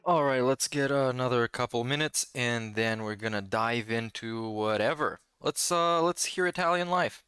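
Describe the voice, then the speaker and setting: A man's voice: mid-range voice, moderate pace, hardly any pauses, pushed and bright, slight background noise. A man hosting a podcast and giving casual commentary on video clips, blunt and cursing, often restarting and repeating words. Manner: blunt, swearing, repeats words mid-sentence. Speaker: podcast host.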